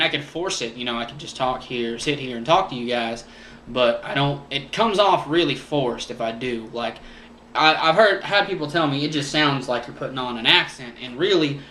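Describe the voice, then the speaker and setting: A man's voice: medium pitch, sharp tone, reverberant, slight background noise. A young man from Florida chatting to camera as a YouTuber, earnest and rambling with fillers, his cheek swollen after a tooth was pulled. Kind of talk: casual talk to camera.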